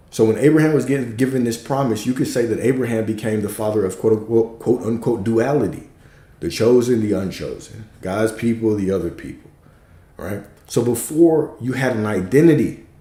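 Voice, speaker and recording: Male spiritual teacher, low voice, laid-back talk dotted with "right?", echoey room. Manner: keeps checking in with "right?" and "okay?"; relaxed, with casual swearing. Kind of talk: casual spiritual teaching monologue.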